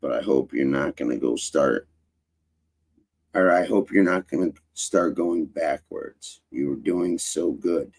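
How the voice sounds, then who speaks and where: Laid-back male host, low gravelly voice, slow profane rambling. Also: a little mellow, no room sound. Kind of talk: casual live-stream chat.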